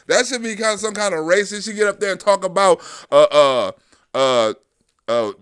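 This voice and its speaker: A man's voice: high voice, lively intonation, normal speed, fairly bright tone, smooth. A man hosting a livestream, talking loosely and profanely to his chat. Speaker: livestream host. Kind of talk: casual livestream commentary.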